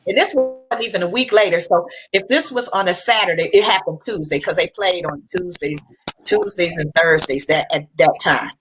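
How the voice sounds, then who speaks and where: A woman's voice: lowish voice, a bit bright, low-quality recording. A middle-aged woman recounting a personal story as a panel guest, earnest and conversational. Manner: earnest, conversational, with restarts and colloquial speech.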